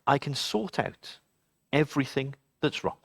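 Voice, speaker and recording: A storyteller voicing a kind, calm male candle who speaks slowly and softly. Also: medium pitch, gravelly, dry recording, clean studio sound, pitched below the performer's own voice, full character voice. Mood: gentle. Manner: soft, slow and pleading.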